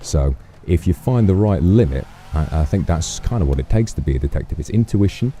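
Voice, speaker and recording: A man's voice: deep voice, lively intonation, fairly quick, mellow, a little hiss or hum. A man with a Cockney accent playing a police officer in an online game roleplay, chatting and musing aloud with many restarts. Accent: Cockney London.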